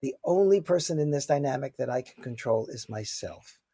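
A man's voice: mid-range voice, animated, moderate pace, dark tone, husky, no echo, clean studio sound. A man from New York with a New York accent, giving earnest, explanatory answers as a guest expert in an interview. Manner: earnest, explanatory, self-deprecating. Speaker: guest expert on cross-cultural communication.

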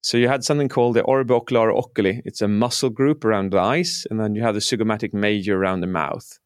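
A man's voice: fairly low pitch, steady tone, fast, smooth, no echo, clean studio sound. A man who works as a speaking coach, explaining his methods earnestly in a conversational interview.

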